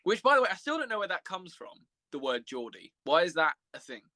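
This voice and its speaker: A man's voice: sits high, very animated, a little fast, bright, forceful tone, dry recording. A young man, chatting casually on a live stream, laughing often and rambling with restarts. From England.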